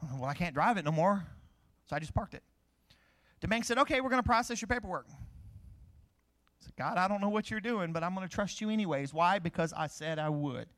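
Man, middle-aged, preacher, high voice, rhetorical questions, sermon. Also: lively intonation, fairly quick, long pauses, fairly bright tone.

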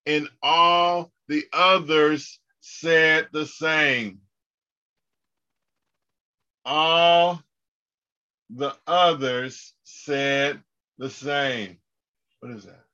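A man's voice: on the high side, sharp tone. A male pastor teaching a Bible class. He goes over scripture phrases again and again and leads the students in repeating them. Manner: unhurried, halting delivery with restarts. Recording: dull lo-fi recording.

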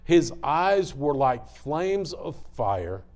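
A middle-aged man with a drawl preaches with fervor, his voice sitting a little high for a man. He talks in a folksy way and keeps breaking off to say sorry for his own tangents. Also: very animated, extremely slow, a little mellow. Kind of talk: sermon.

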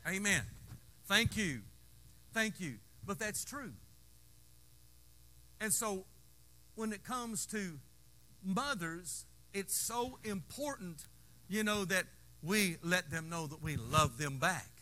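Bright, high-voiced preacher man. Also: lively intonation, takes it slowly, pauses often. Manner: folksy, call-and-response preaching with playful asides. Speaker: pastor. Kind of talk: sermon.

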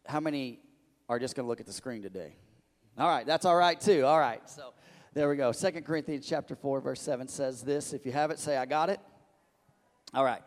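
A male pastor preaching a lively sermon, slowing down to read scripture and leading the congregation in call-and-response. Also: medium pitch, big-room sound.

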